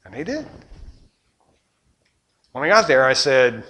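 An older man preaching a sermon as a pastor, with rhetorical questions and passion that surges loud and then drops low. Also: big pitch swings, measured pace. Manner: impassioned preaching, rhetorical questions, surging and dropping loudness.

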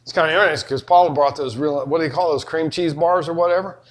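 A man's voice: a little high, steady tone, fast. A middle-aged man, preaching a sermon in a folksy, joking storytelling way. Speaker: pastor.

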